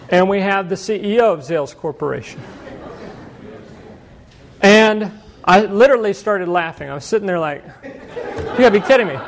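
A middle-aged man preaching a sermon, telling a personal story in a relaxed, self-deprecating way that keeps turning into chuckles. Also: on the high side. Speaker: pastor.

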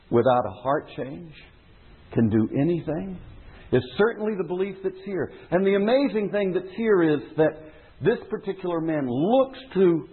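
A male preacher delivering a sermon with earnest emphasis, his voice husky and a little rough. The sound is narrow and phone-like, like an old tape of a church service. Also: fairly high pitch. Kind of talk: sermon with read-aloud novel excerpt. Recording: tinny phone-like sermon recording.

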